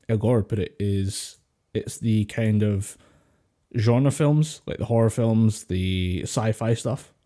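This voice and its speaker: A man's voice: medium pitch, mellow. A man co-hosting a casual podcast over an online call, telling rambling stories, swearing freely and laughing often. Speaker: podcast co-host. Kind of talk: casual chat. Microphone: home mic over online call.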